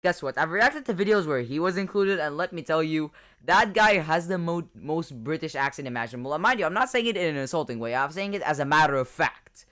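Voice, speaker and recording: A reaction video host talks in loose, casual commentary. Filler words and self-corrections are constant. The pitch swings lively throughout. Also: brisk.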